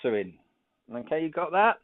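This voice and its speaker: A man's voice: a little high, big pitch swings, a little fast. A man hosting a psychic show, chatty and joking as he gives card readings and runs a quiz over a video call. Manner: chatty, joking, thinks aloud. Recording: tinny phone-like line.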